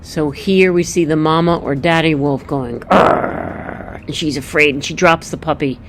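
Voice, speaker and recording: A woman gently walking children through a picture book, explaining each page and thinking aloud as she goes. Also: low voice, fairly even intonation, normal speed, soft background music.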